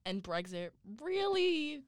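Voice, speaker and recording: A woman's voice: high-pitched, big pitch swings, takes it slowly, no echo. A young woman co-hosting a casual news chat, speaking bluntly and matter-of-factly. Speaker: co-host.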